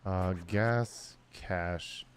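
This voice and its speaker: A man's voice: low voice, extremely slow, slight background noise. A man in his forties, tired, chatting casually and rambling with lots of fillers while streaming a game. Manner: rambling, many fillers, chuckling often. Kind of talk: casual gaming livestream chat.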